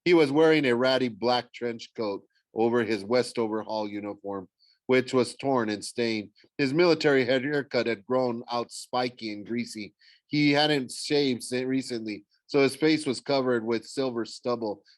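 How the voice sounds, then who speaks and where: A man's voice: mid-range voice, measured pace, dry recording. A man narrating a novel in the first person, stumbling and correcting himself now and then. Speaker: audiobook reader.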